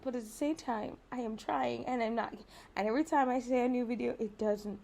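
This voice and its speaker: A woman's voice: a little high, fairly quick, vocal fry, dark tone. A young woman vlogging in a rambling, emotional monologue, frustrated and swearing as she talks.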